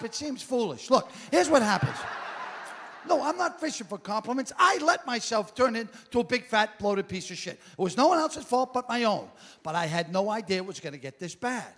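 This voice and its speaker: A man's voice: very high-pitched, very animated, brisk, noisy background. A man doing a brash, self-mocking stand-up comedy set on a club stage. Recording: live club recording with crowd.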